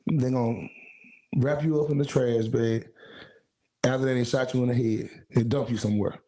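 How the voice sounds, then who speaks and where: A man, a singer guest, telling stories in an animated, casual way, acting out the voices he quotes in streetwise slang. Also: medium pitch, moderate pace, low-quality recording. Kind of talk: casual storytelling.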